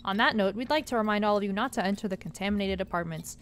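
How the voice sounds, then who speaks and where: A woman's voice: mid-range voice, quick pace, natural voice. A woman voicing a cheerful, sinister male TV announcer with an upbeat broadcast delivery. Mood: falsely cheery.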